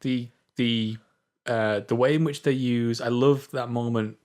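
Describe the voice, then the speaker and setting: A British man in a film review chat, speaking in a middle-pitched voice. He picks his words with care, pausing on fillers as he analyses scenes. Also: steady tone, a little mellow. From Britain.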